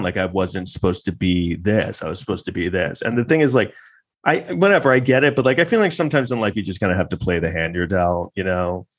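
A man delivering a rambling, sarcastic, profane monologue as a podcast host. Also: on the low side. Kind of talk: casual ranting monologue.

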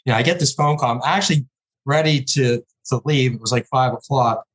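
A man's voice: medium pitch, brisk, breathy edge, poor audio. A man running a veterans' charity, telling a story in a conversational way and acting out the people he quotes. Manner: animated, quotes callers in a raised voice. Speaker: founder of a veterans' charity fund.

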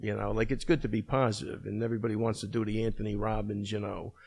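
Middle-aged man, gym owner, rough gravelly voice, loose rambling storyteller. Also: fairly low pitch, little pitch movement, fast talker, darkish tone. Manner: rambling storyteller, many fillers. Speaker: martial arts gym owner. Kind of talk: casual podcast chat.

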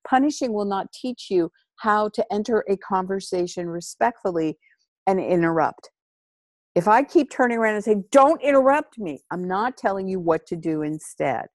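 A woman's voice: medium pitch, lively intonation, normal speed, no room sound, clean studio sound. A woman in casual conversation about parenting, speaking earnestly and emphatically in a coaching tone.

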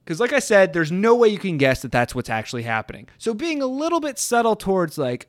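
Animated rambling podcast host man. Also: high voice, fast, few pauses, no room sound. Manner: rambling, animated, laughs often. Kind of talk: casual chat.

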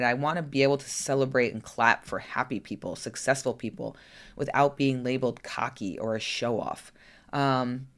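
A woman coach talking candidly in a personal vlog, frank and chatty, now and then cursing and asking rhetorical "right?" questions. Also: rumbling low. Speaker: lifestyle coach.

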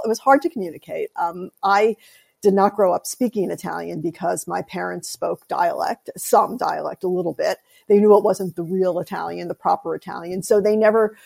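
Raspy gravelly woman guest, chatty, laughs a lot, telling stories from her trip. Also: mid-range voice. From United States. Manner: animated storyteller, laughs often. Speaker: guest, author. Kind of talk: casual interview.

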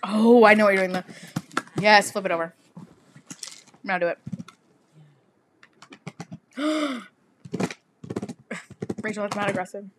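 A young woman co-hosting a podcast, telling a story in a crude, animated, casual way. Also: medium pitch, takes it slowly, pauses often, background noise. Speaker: podcast co-host. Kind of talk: casual chat.

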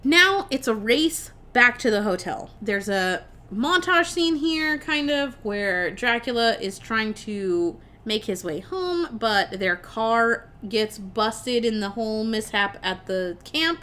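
A young adult woman on a podcast, casually retelling a film plot with lively swearing and laughter. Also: on the high side, slow pace, hardly any pauses. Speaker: podcast co-host reviewing a film. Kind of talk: casual chat.

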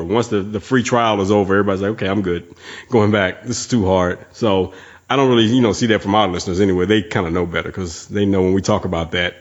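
A man hosting a podcast, talking in a laid-back, casual way and laughing often. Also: highs cut off. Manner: laid-back, laughing, mimics people in a high voice. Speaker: podcast host.

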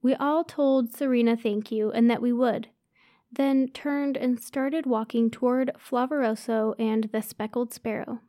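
A woman's voice: on the high side, steady tone, a little slow, warm tone, no room sound, clean studio sound. A woman narrating a first-person story aloud, giving each character a light voice of their own.

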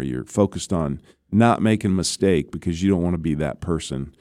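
Mellow low-voiced man telling stories. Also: dry recording, studio quality. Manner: conversational, keeps checking in with "right?". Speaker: former astronaut guest. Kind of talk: interview storytelling.

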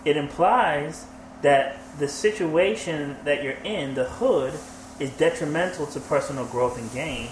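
A man's voice: on the high side, a little slow. Reflective man in echoey room. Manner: reflective, agreeable, frequent affirmations. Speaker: podcast co-host. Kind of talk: casual chat. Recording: echoey room with faint noise.

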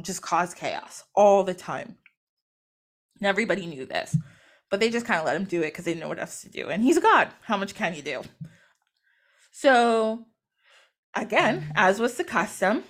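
Chatty woman host, casual myth storytelling, very lively pitch. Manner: chatty, animated, lots of fillers and laughs. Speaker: podcast host.

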